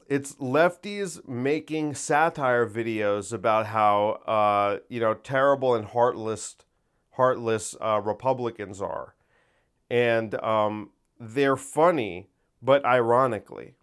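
A man hosts his own casual monologue show, thinking out loud. He drifts in and out of focus and often interrupts himself. His voice is smooth and resonant, and his tone stays wry. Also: medium pitch. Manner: rambling, distracted, self-interrupting, wry.

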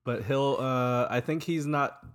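A man's voice: mid-range voice, unhurried. A man hosting a podcast, talking in an easygoing, hesitant way. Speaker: podcast host. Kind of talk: casual chat.

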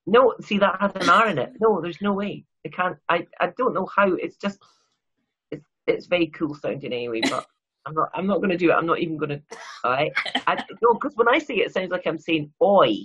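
A woman's voice: lowish voice, lively intonation, brisk, fairly bright tone, breathy edge, dull audio. A Scottish woman being interviewed as a guest author, chatty and self-deprecating, rambling with many restarts. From Scotland. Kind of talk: casual interview chat.

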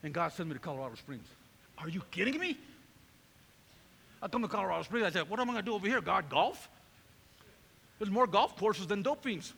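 A middle-aged man from Northern California, a pastor preaching a sermon testimony and acting out his own past conversations in an animated storytelling manner. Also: high voice, brisk, vocal fry, pauses often, husky. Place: church hall. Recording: long reverb of a church hall.

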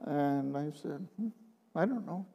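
An older man, a retired minister, giving a personal testimony, halting and repeating words, often dropping to a hushed tone. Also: fairly high pitch, animated, creaky, highs cut off. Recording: long reverb of a large hall.

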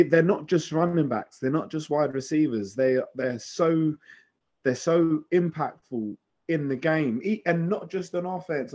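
A man's voice: a little high, darkish tone. An enthusiastic man talks football in a casual podcast chat, tripping over restarts as he builds his point. His voice comes through a dull, lo-fi microphone. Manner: enthusiastic, halting with many restarts. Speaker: podcast co-host.

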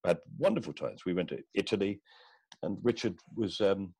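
A deep-voiced man with a slightly husky tone shares anecdotes as a podcast guest. His pitch moves lively as he tells the story. The sound is dry and close. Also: normal speed, no echo. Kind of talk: casual anecdotal chat.

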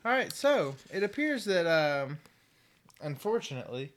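A man's voice: on the high side, sing-song, normal speed, a bit bright. A man co-hosting a podcast, joking and teasing in casual chat. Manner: jokey, spells words out, teasing. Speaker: podcast co-host.

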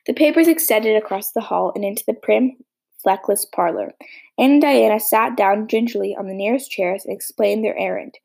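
A woman reading a classic novel aloud as an audiobook, steady with small slips. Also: medium pitch, normal speed, creaky, low-quality recording. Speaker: audiobook reader. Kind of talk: storybook reading.

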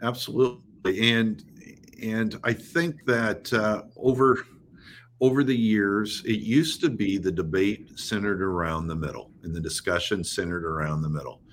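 A man talking as a guest in a casual political chat, measured and reflective, with many fillers. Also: fairly low pitch, a little hiss or hum.

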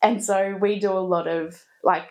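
A woman's voice: medium pitch, moderate pace. A woman, hosting a podcast and talking frankly and expressively about parenting. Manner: frank and expressive, laughs often. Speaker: podcast host. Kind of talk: candid casual chat.

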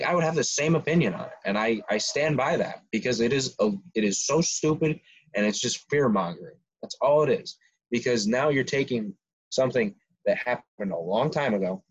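A man around twenty with a lowish, slightly rough voice co-hosts a casual podcast, ranting heatedly about his opinions with frequent restarts. The recording sounds dull and lo-fi.

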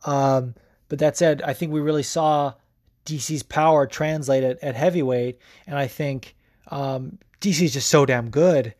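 A man's voice: a little high, steady tone, unhurried, darkish tone, no room sound, clean studio sound. A young man hosting a podcast, giving casual, profane sports commentary full of fillers. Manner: loose and profane, lots of fillers. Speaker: podcast host.

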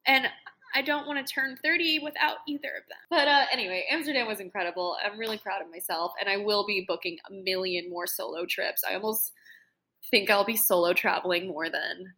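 A woman's voice: mid-range voice, fairly even intonation, brisk, bright, forceful tone. A woman in her late twenties, co-hosting a podcast and telling rambling, emotional stories in casual chat. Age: late 20s. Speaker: podcast co-host.

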